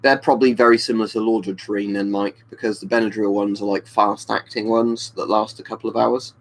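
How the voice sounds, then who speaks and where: A man's voice: on the low side, little pitch movement, a little fast, rough recording. Chatty man live-streaming. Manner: chatty, rambling, answers viewers by name. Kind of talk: casual live-stream chat. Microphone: webcam mic.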